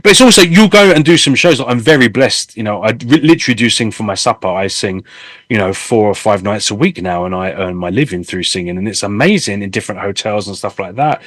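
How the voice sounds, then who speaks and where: A man's voice: on the low side, no room sound. Candid man in his fifties. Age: 50s. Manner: candid, animated storytelling with swearing. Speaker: host and singer. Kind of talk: casual interview chat.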